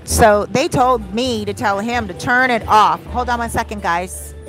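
A woman vlogger casually telling her live viewers a story, animated and chatty, with an exasperated edge. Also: a little high, unhurried, loud music behind the voice. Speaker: vlogger, host of a live stream.

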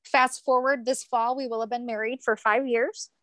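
Young woman guest, high-ish voice, dry close recording, heartfelt and repetitive for emphasis. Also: steady tone, normal speed, a bit bright, dry recording. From United States. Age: young adult. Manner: earnest, repeats phrases for emphasis. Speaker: podcast guest, author. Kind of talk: emotional personal storytelling.

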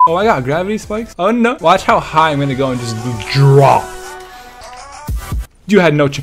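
A young man giving excited gameplay commentary, laughing, gasping and repeating himself as he plays. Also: a little high, moderate pace, long pauses. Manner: excitable, laughs and gasps often, repeats phrases. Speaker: gaming YouTuber. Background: background music.

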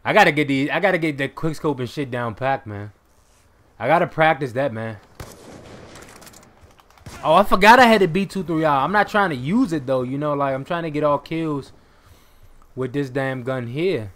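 A young man giving live gameplay commentary in a casual, excitable way, swearing and bursting into shouts. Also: fairly high pitch, normal speed, pauses often. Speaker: gaming commentator.

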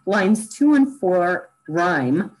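A woman's voice: fairly low pitch, big pitch swings, extremely slow, darkish tone, slight background noise, low-quality recording. A woman hosting a podcast, chatting casually and thinking aloud with lots of "you know"s. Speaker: podcast host. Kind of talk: casual interview chat.

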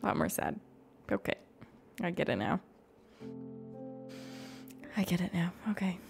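A woman giving soft, gushing commentary while playing a cozy video game at home, often gasping and dropping into whispers. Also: fairly low pitch, very animated, unhurried, gravelly, faint music behind. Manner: soft, gushing reactions, gasps and drops to whispers. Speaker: gaming YouTuber. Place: home room.

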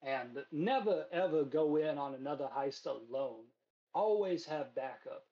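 A man voicing a charming but nervous male recruiter in a ten-gallon hat, who talks smoothly and then frets. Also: fairly high pitch, animated, unhurried, mellow, lo-fi sound. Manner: smooth talker who turns anxious and rambling.

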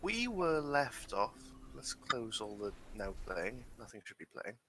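Guy gm on a video call, bright tense voice, jokey and stop-start. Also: medium pitch, very animated, measured pace, a little hiss or hum, rough recording. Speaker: game master. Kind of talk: running an online tabletop game.

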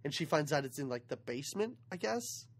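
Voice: mid-range voice, brisk. A podcast co-host chatting casually about a movie, retelling scenes with laughter. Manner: animated, laughing, playful retelling. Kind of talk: casual movie review chat.

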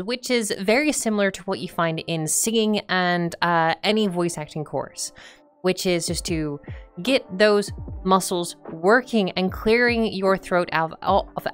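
A young adult trans woman giving a voice training lesson, explaining in a relaxed, rambling way with frequent fillers. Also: lowish voice. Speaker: voice coach. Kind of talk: voice training tutorial.

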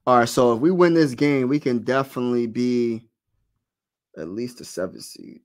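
A man with a mid-range voice at a moderate pace calls live basketball play-by-play as a fan host. He's excited and partisan, using slang and speaking directly to his chat.

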